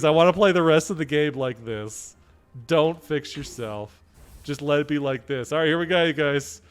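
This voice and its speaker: A man streaming a video game live, laughing hard and reacting with excited, profane commentary. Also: a little high, moderate pace, clear, resonant tone.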